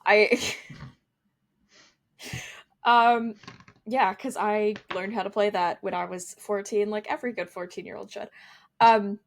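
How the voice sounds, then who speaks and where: A woman's voice: mid-range voice, steady tone, unhurried, vocal fry, pauses often. A young adult woman co-hosting a casual sports podcast, joking and ranting with frequent laughter. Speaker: podcast co-host.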